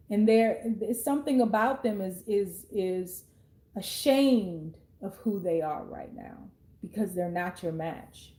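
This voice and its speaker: A woman's voice: medium pitch, measured pace, warm tone. A woman in her thirties giving an intuitive tarot reading to the viewer, chatting along with frequent fillers and restarts. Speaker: tarot card reader. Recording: roomy echo.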